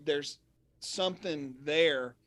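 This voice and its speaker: An animated male guest from Texas with a slightly high voice, telling stories and slipping into mock voices. The sound is dry and close. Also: takes it slowly, no echo. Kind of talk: casual chat.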